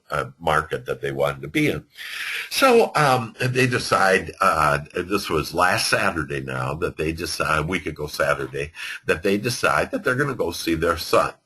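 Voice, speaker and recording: Guy telling a rambling teaching story, bright slightly husky voice, pitch jumps around a lot, lots of ums. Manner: rambling, with many fillers and restarts, animated storytelling. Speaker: self-help teacher. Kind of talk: storytelling lesson.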